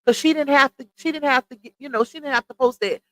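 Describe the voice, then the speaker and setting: A woman's voice: high-pitched, fast talker, a bit bright, no echo, rough recording. Blunt gossipy woman on a livestream. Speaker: livestream host. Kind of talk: casual commentary chat.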